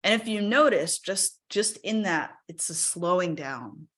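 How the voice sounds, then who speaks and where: Woman webinar speaker, slightly low voice, chatty and encouraging, lots of "right?" and "like". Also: animated, a little slow, fairly bright tone. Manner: encouraging, invites audience to use the chat. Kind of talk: casual live webinar talk.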